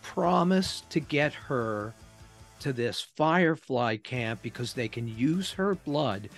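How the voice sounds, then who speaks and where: A man's voice: mid-range voice, lively intonation, takes it slowly, faint music behind. A man co-hosting a casual review chat, explaining eagerly and rambling with restarts. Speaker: podcast co-host.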